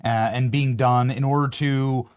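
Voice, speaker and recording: A man hosting a political talk show, asking his guest pointed questions in an animated way. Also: mid-range voice, unhurried, clear, resonant tone. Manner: animated, rhetorical wrap-up questions. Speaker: host.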